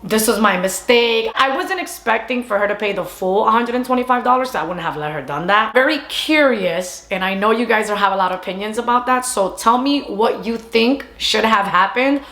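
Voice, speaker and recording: Chatty woman telling a story. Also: fairly high pitch. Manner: animated, quick retelling with quoted dialogue. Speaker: vlogger. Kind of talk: casual storytime monologue. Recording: echoey room.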